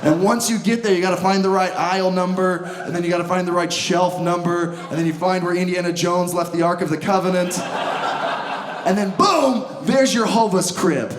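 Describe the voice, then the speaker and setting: A man's voice: sits high, normal speed. A male stand-up comedian from the United States, ranting sarcastically and in exasperation on a comedy club stage. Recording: echoey club with crowd laughter.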